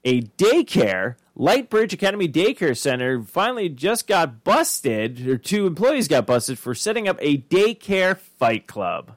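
A man's voice: on the high side, big pitch swings, unhurried, few pauses, dry recording. A man in his thirties from Arizona, co-hosting a podcast with loose, profane storytelling. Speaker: podcast co-host. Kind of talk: casual chat.

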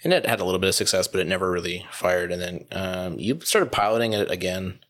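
A man co-owning a sausage business, chatting casually and telling animated stories. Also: low-pitched, quick pace. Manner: animated storyteller, acts out quotes. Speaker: sausage company co-owner. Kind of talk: casual chat.

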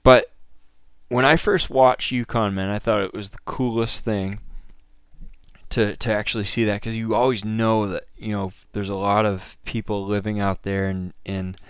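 A man's voice: fairly low pitch, fairly even intonation, normal speed, clear, resonant tone, no room sound. A man from Maine hosting a podcast, talking in a casual, enthusiastic, conversational monologue. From Maine, USA. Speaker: podcast host.

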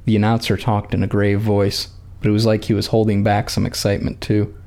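A man calmly reading a short story aloud in a measured narrating voice. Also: lowish voice.

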